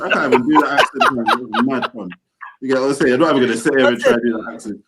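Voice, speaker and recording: A young man co-hosting a football podcast in slangy, animated banter. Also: mid-range voice, racing, heavy background noise. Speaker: podcast co-host. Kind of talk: casual podcast chat.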